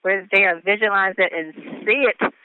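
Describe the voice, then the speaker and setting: A woman's voice: mid-range voice, fairly even intonation, moderate pace, clear, resonant tone, no echo. A woman pastor hosting a business conference call, encouraging and emphatic, with frequent laughs. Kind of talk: upbeat motivational call hosting. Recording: tinny phone line.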